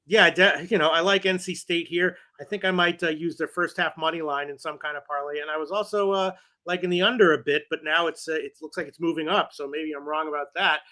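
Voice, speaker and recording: Male co-host with a bright, slightly high voice who hedges his betting picks and stumbles on fillers. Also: fairly even intonation, brisk. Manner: hesitant, thinks aloud with many fillers. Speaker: sports betting show co-host. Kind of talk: casual sports betting talk.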